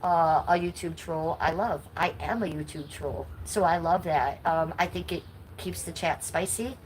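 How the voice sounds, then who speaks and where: Unhurried but blunt and indignant, a nasal-voiced middle-aged woman addresses her live-stream chat in a lowish register. The recording is rough, with a little hiss or hum.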